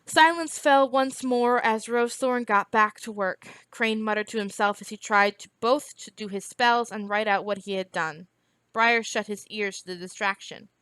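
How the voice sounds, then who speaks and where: A woman reading a novel aloud in a steady, even storytelling manner. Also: medium pitch, normal speed, clean tone, dry recording. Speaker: reader.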